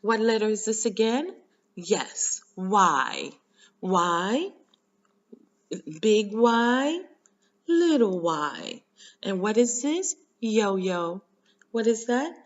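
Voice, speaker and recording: Slow sing-song Haitian teacher. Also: female voice, mid-range voice, lively intonation, lo-fi sound. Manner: slow, sing-song drilling with call-and-response. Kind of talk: children's phonics lesson.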